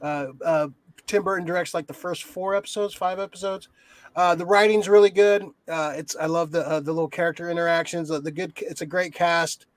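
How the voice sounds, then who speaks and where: A man's voice: fairly high pitch, steady tone, a little fast, no echo. A man co-hosting a casual podcast, rambling and swearing a lot, restarting his sentences often. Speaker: podcast co-host. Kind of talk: casual chat.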